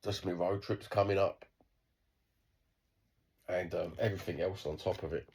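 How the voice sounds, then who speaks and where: A man's voice: low voice, steady tone, moderate pace, a little mellow, a little hiss or hum. A middle-aged Cockney man from East London talking bluntly in an unscripted video diary, swearing and rambling with restarts. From East London, England. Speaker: vlogger.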